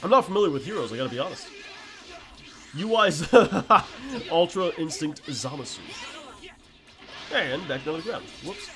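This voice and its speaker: A man streaming games, chatting casually and telling stories in a blunt, animated way. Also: on the high side, moderate pace, pauses often, over music. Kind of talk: casual gameplay commentary.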